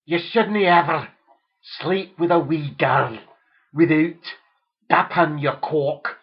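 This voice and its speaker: A man voicing an older Scottish father giving solemn advice, slow and weighty, in a mock Scottish accent. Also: on the high side, lo-fi sound.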